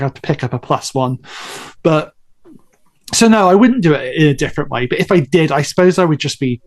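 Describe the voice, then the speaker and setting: A man who voices a lead role, chatting casually on a podcast in a rambling, candid way, swearing now and then. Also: on the high side. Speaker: voice actor in the audio drama.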